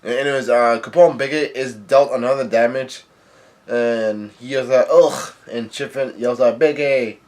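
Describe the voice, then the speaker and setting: A man's voice: mid-range voice, steady tone, moderate pace, darkish tone. A man giving a casual recap of a comic chapter, reading hesitantly with frequent stalls and restarts. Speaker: manga reaction YouTuber.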